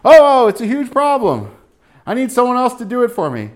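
A man putting on the voice of a fussy adult who panics over small problems, in a high, overwrought tone. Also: wildly swooping pitch, fairly quick, exaggerated voice. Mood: whiny.

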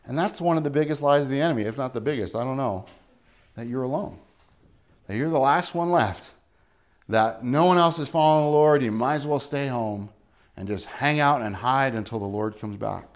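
A man preaching a sermon, earnest and dramatic, dropping to a soft low voice to press his points. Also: moderate pace. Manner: dramatic, acts out quoted voices with rising pitch and volume. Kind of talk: sermon reading and explaining scripture.

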